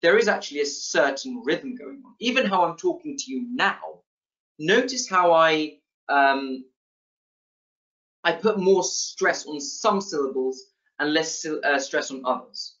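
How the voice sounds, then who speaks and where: A man teaching a casual literature lesson, relaxed, with many fillers and restarts. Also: fairly high pitch, unhurried. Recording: slightly dull lo-fi sound.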